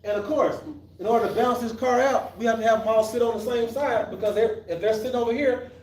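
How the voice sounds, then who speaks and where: Talking fast in a very high, darkish-toned voice, a man runs a live accounting class where he asks questions and answers them himself. He often restarts his sentences, and the recording comes from a mic at a distance in an echoey room.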